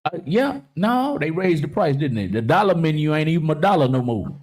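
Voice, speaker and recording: A man hosting a casual live-stream talk show, joking loudly, swearing freely and reading viewer comments aloud. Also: on the high side, big pitch swings, a little fast. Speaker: livestream talk show host.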